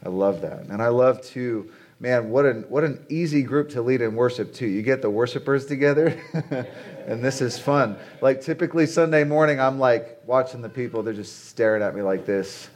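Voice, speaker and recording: With a little hiss or hum in the audio, a man in his late forties speaks at medium pitch and moderate pace. He gives a chatty sermon at a conference venue, asking his audience rhetorical questions.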